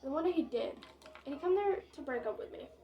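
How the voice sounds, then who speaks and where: A woman's voice: high-pitched, expressive, quick pace, highs cut off. A young woman vlogger telling a casual storytime, chatty and dramatic, with lots of fillers and swearing.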